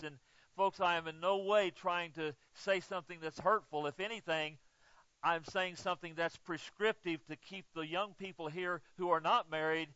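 A male pastor preaching a sermon, swinging between loud emphatic exclamations and hushed asides, and joking with the congregation. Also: sits high, no echo, lo-fi sound. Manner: jokes with the congregation.

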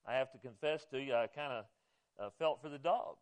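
A middle-aged man preaching a sermon, conversational, often asking his listeners questions and swinging between loud emphasis and quiet asides. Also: medium pitch, brisk. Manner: conversational, asks the congregation questions. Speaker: pastor.

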